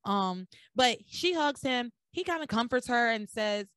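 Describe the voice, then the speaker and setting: A young woman hosts a casual podcast, animatedly retelling soap scenes and dropping into lower voices for the characters. Her voice sits a little high. The recording is close and dry. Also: unhurried, clear, resonant tone, no echo. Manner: animated storyteller acting out dialogue in lowered voices. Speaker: podcast host recapping a soap opera. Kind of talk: casual chat.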